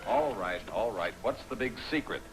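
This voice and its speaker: An actor playing a dry, quick-witted army sergeant in a 1950s film comedy who gives the orders. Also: male voice, lowish voice, expressive, loud music behind the voice, low-quality recording. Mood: wry. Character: wry, take-charge male army sergeant.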